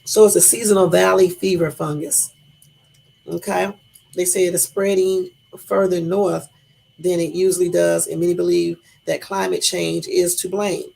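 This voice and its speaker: Raspy, gravelly-voiced woman streamer. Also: lowish voice, steady tone, moderate pace, a little mellow. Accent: Californian. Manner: chatty, laughs at her own stumbles, addresses chat as y'all. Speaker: livestream host. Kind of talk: casual live-stream chat.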